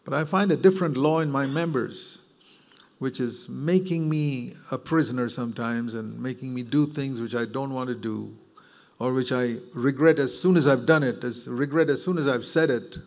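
A man's voice: mid-range voice, normal speed, gravelly. A man preaching a sermon, earnest and reflective, with bursts of emphatic, rising delivery. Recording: long hall reverb.

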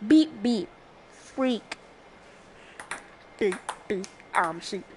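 A woman giving casual gameplay commentary, excitable and trash-talking with frequent exclamations. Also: mid-range voice, extremely slow, noisy background. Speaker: gamer.

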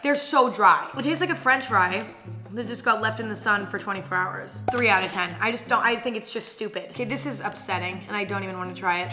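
A young woman vlogs a casual taste test, blunt and candid, cursing now and then. Her medium-pitched voice is bright and forceful, with faint music playing underneath.

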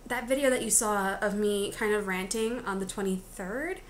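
Speaking at a moderate pace in a medium-pitched voice, this twenty-something woman rambles through a casual confessional vlog in her bedroom. She's chatty and leans heavily on fillers, and there's a little hiss or hum in the recording.

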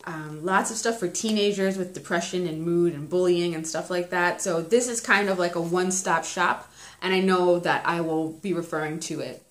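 A woman's voice: lowish voice, normal speed. A young woman casually chatting about parenting, talking freely and laughing often as she tells stories about her kids. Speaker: parenting vlogger reviewing a book. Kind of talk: casual chat. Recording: roomy echo.

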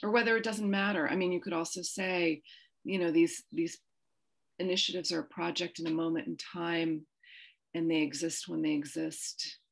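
A woman's voice: lowish voice, fairly even intonation, moderate pace, vocal fry. A woman chairing an online panel discussion, posing thoughtful open questions to her guests over a video call.

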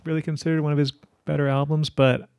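A man's voice: a little high, flat delivery, darkish tone, clean tone, dry recording, clean studio sound. A man co-hosting a podcast, chatting casually about singers, often restarting his sentences with filler words. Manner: talks in quick bursts with many fillers and restarts. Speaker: podcast co-host. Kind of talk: casual chat.

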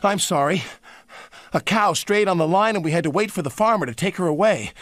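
A man voicing Thomas, a cheerful little engine who talks in a bright, chatty way. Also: sits high, expressive, a little fast, dry recording, voice pushed up.

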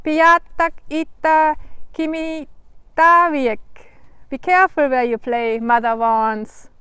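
A woman from Germany with a German accent, reading her picture book aloud in a gentle, careful way, trying out Cree words. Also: high-pitched, takes it slowly, no room sound. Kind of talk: storybook reading.

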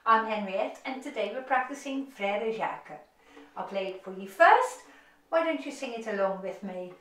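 A woman's voice: fairly high pitch, lively intonation, normal speed, a bit bright, far from the mic. A woman teaching a violin lesson, giving upbeat, encouraging instructions. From United Kingdom. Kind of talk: online music lesson. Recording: roomy echo, off-mic, violin playing.

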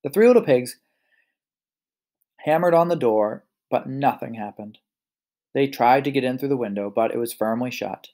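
Male storyteller, mid-pitch, gravelly, relaxed read-aloud with casual asides. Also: moderate pace, long pauses. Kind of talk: reading a picture book aloud.

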